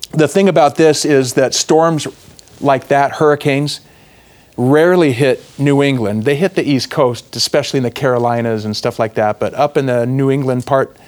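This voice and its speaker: Young male speaker, sermon-style history storytelling, lively asides. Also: mid-range voice. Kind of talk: religious talk on history.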